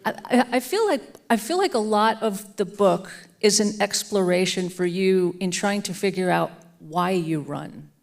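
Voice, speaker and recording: A woman's voice: mid-range voice, expressive, moderate pace, creaky, hardly any pauses. A woman interviewing a guest onstage, asking thoughtful questions that she works out as she goes. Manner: thoughtful, searching questions with restarts. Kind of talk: onstage conversation. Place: auditorium stage.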